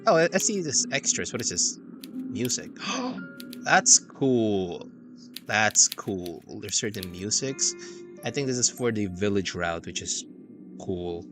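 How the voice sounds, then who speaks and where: A man's voice: fairly low pitch, animated, slow. A man streaming a game, chatting playfully and rambling in a self-mocking way. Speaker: VTuber streamer. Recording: game music playing behind.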